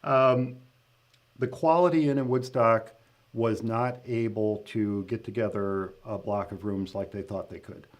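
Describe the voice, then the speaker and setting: A man's voice: fairly low pitch, steady tone, unhurried. A man hosting a casual live-stream update as the event organizer, talking loosely with many fillers, restarts and laughing asides.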